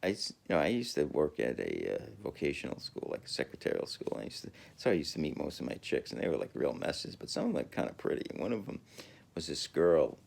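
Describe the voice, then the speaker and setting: Low, gravelly rambling man. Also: huge pitch swings, darkish tone. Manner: rambling, halting, many fillers and restarts; chuckles while talking. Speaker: podcaster. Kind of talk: casual rambling monologue.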